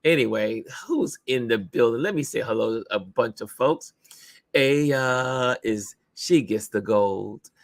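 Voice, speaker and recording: A man's voice: mid-range voice, lively intonation, unhurried, vocal fry, no room sound. A man hosting a casual live stream, upbeat and chatty, laughing often as he greets viewers over a video call setup. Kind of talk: casual chat.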